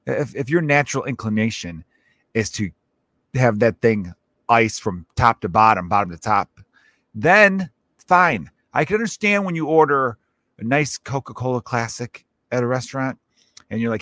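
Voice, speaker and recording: A man's voice: mid-range voice, very animated, moderate pace, fairly bright tone, dry recording. A man hosting his own podcast as a stand-up comedian, rambling through a profane comic monologue and acting out little scenes in other voices.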